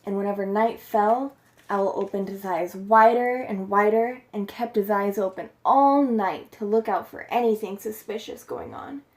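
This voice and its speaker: A woman's voice: medium pitch, normal speed. A woman telling a folktale in a plain, homespun way for a storytelling class. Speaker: student storyteller.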